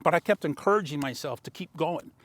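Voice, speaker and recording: A slightly high-voiced man in his sixties tells a motivational story straight to the camera. He is a longtime car dealer and talks in an animated way, his enthusiasm building as he goes. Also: fairly quick, no room sound. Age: 60s.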